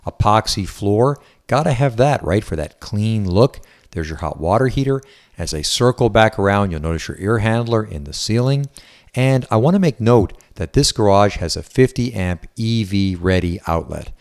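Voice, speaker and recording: A Southwest Florida resident working as a real estate agent leads a chatty, enthusiastic tour through a house. He speaks inside the home at a moderate pace, in a lowish, animated voice.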